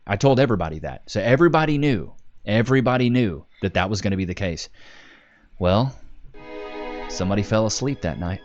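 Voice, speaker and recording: A man in his twenties chatting casually on a live stream, telling wild stories and reading comments aloud with animated swearing and laughter. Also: fairly low pitch, brisk, highs cut off. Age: 20s.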